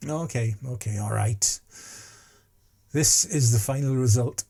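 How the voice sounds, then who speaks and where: A man's voice: medium pitch, unhurried, dark tone. A man in his sixties chatting casually to camera as a vlogger, rambling and self-deprecating. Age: 60s.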